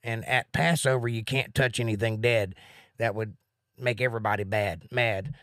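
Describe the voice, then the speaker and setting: A man teaching a live Bible study in a rambling, thinking-aloud way, a bit out of breath and excited. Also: lowish voice, normal speed, no room sound, studio quality.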